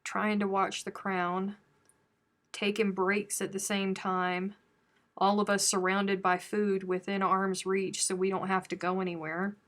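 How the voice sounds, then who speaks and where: A woman's voice: medium pitch, measured pace. Chatty Southern woman telling stories. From American South. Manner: chatty storytelling, animated when telling stories. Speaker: crochet live stream host. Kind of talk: casual live chat with viewers.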